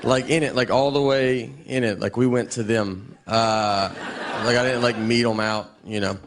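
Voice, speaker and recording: A man with a Southern US accent telling stand-up stories in a dry, deadpan way. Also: medium pitch, moderate pace, a faint crowd, slight background noise. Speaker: stand-up comedian. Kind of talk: stand-up set and talk show chat.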